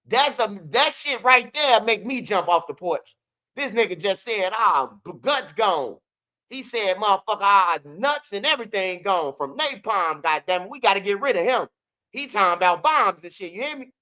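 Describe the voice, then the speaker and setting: Animated yet moderately paced, this man's high voice comes across bright and forceful. As a commentary channel host, he rants casually about street news, swearing, repeating himself, and rapping lines mockingly.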